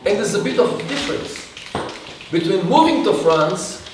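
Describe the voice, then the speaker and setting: Halting man, echoey distant room. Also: high-pitched, sing-song. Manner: halting, restarts and long pauses. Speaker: guest speaker. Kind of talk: Q&A lecture answer. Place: event hall. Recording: echoey room from far off, faint hiss.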